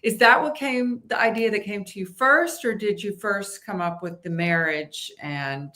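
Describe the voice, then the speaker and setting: A woman's voice: mid-range voice, moderate pace, sharp tone. A woman hosting an interview show, upbeat and playful with her guest. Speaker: host. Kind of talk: casual interview chat.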